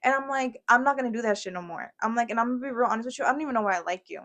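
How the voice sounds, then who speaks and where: A young woman co-hosting a podcast, telling a story in fast, profane casual chat and switching into Spanish at times. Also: a little high, fairly bright tone. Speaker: podcast co-host.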